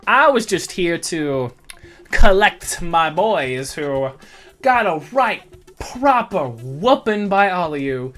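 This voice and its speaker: A game master voicing a pompous, mock-polite Southern gentleman crime boss with a put-on drawl in a tabletop game. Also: medium pitch, big pitch swings, slow, faint music behind. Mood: smug. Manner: florid, genteel, mock-polite. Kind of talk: tabletop game role-play.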